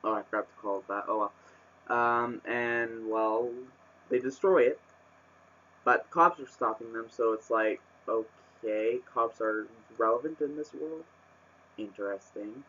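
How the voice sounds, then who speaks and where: A man with a medium-pitched, unhurried and sharp-toned voice reviews a book in a laid-back vlog. Expect rambling, fillers, restarts and sudden exasperated rants, recorded on a webcam microphone with muffled sound.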